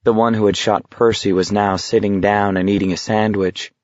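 A man narrating an audiobook in slow, measured storytelling. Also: lowish voice, flat delivery, no echo, dull audio.

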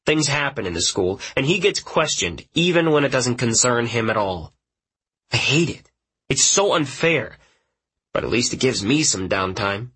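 A man narrating a first-person story in an audiobook, in a quiet, measured way. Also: on the low side, breathy edge, poor audio.

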